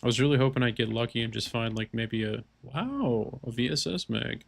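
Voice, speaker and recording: A man's voice: medium pitch, lively intonation, a little fast, creaky, slight background noise. A man in his thirties, a game streamer chatting casually on a live stream, rambling and swearing in mock rants. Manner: rambling, profane, mock-ranting.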